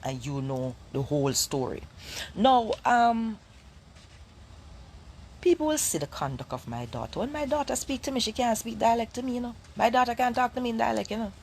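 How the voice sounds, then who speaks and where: A woman's voice: on the high side, expressive, normal speed, darkish tone, a little hiss or hum. A middle-aged Jamaican woman with a Jamaican accent, addressing viewers as a mother in an emphatic, declaring way.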